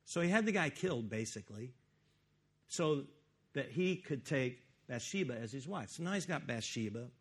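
A man preaching a sermon, retelling a Bible story in an animated way that swings from loud to hushed. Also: mid-range voice, moderate pace, breathy edge.

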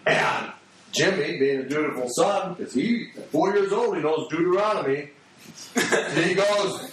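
A middle-aged man delivers a sermon in a folksy, blunt storytelling manner, his voice set fairly high. He is heard from some distance across a large, very echoey hall, with a faint hum of room noise behind him. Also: unhurried, fairly bright tone. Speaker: preacher. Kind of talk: sermon with personal stories.

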